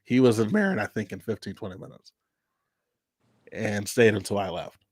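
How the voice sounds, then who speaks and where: A man's voice: on the low side, very animated, normal speed, a little mellow, no echo, clean studio sound. A man hosting an unscripted livestream chat, rambling loosely and laughing often. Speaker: host.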